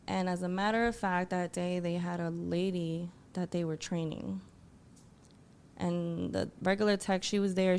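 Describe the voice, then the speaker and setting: A woman guest telling an emotional personal story, acting out what people said with lively quoted voices. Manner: animated, acts out quotes in a higher voice.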